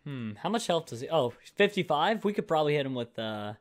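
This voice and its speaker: A man's voice: fairly high pitch, big pitch swings, a little fast. A man hosting a casual gaming video, teasing his friend and hyping shots. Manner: teasing, playful, hypes up shots. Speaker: gaming YouTuber host.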